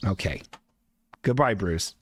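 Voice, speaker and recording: A man's voice: sits low, slow pace, husky. A man hosting a comedy show, rambling and chuckling through his stories.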